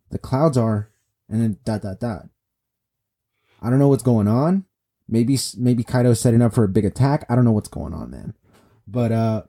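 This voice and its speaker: A man casually recapping a comic chapter, excitable and repetitive, talking straight to his viewers. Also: medium pitch, no echo, studio quality. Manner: excitable, repetitive, speaks to viewers as guys and bro. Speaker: manga recap vlogger.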